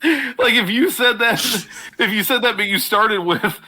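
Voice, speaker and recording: A man's voice: high-pitched, a little slow, pushed and bright. A man co-hosting a casual comedy podcast, joking and giggling through his stories. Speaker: podcast co-host.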